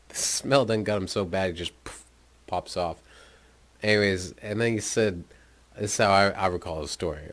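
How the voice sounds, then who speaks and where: A young podcast host tells his life story, rambling casually and profanely about his school days and laughing often. His voice is low-pitched with a fairly bright tone.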